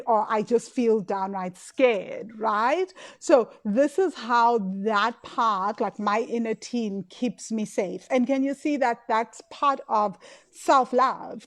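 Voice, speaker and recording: Woman host, lightly raised pitch, expressive and conversational. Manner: emotive, chatty, fillers and tag questions. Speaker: podcast host and money coach. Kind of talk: casual solo podcast talk.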